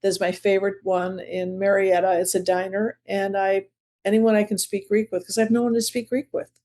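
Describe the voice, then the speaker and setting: A woman's voice: medium pitch, flat delivery, brisk, mellow. A woman in her seventies from the Chicago area, a comedian chatting as an interview guest in a rambling, self-deprecating storytelling way. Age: 70s. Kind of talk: casual interview chat.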